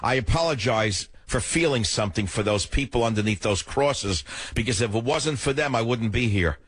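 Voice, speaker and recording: Husky and animated, an older radio host speaks at a moderate pace in a dry studio recording. His political monologue is emphatic and emotional, shifting between loud outbursts and quiet moments.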